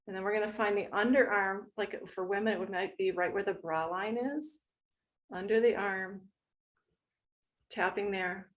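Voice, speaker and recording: A woman guides a tapping meditation in a gentle, unhurried, instructive way. Her voice has a gravelly edge. She sits at an ordinary middle pitch. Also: fairly even intonation. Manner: gentle, instructive, slow and soothing.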